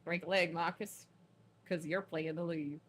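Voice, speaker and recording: Woman doing a gruff Southern thief boss. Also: on the low side, steady tone, a little slow, fairly bright tone, a little hiss or hum. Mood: bossy. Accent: put-on American Southern. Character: gruff middle-aged male leader of a thieves' band.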